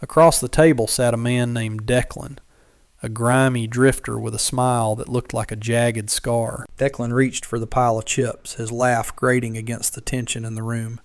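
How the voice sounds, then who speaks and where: A man's voice: medium pitch, level tone, clear, resonant tone, dry recording. Man narrating a dramatic frontier tale. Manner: measured, dramatic storytelling. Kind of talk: scripted story narration.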